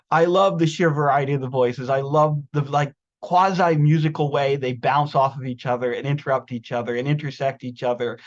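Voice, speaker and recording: A man hosting a reading event, gushing excitedly and stumbling over his words, swearing freely. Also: medium pitch, highs cut off. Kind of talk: casual enthusiastic chat.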